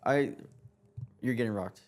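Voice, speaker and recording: A man's voice: mid-range voice, a little slow, slight background noise. A man guesting on a podcast, talking in laid-back, slangy casual chat. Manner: laid-back, slangy, says bro a lot.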